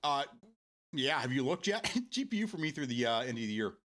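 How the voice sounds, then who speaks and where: A man's voice: medium pitch, very animated, a little fast, a bit bright. A man streaming games and chatting casually with his viewers, laughing often and swearing freely. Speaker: game streamer. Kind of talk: casual live-stream chat.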